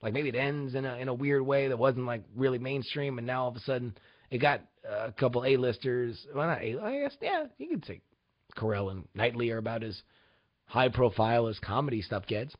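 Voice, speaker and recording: A young man rambles through casual host commentary, swearing freely and turning sarcastic. His pitch swings up and down with lively energy. The recording is dull and lo-fi. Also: a little fast. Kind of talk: casual talk-show commentary.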